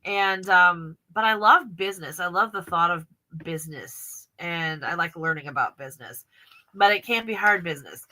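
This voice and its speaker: A woman hosting a casual podcast chat, bubbly, with quick affirmations and frequent laughs. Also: on the low side, sharp tone, rough recording. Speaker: podcast host.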